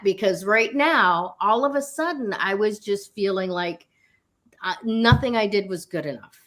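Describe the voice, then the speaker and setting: A woman's voice: mid-range voice, moderate pace, fairly bright tone. Middle-aged woman, candid personal storytelling, casual talk show co-host, swears freely, lots of fillers.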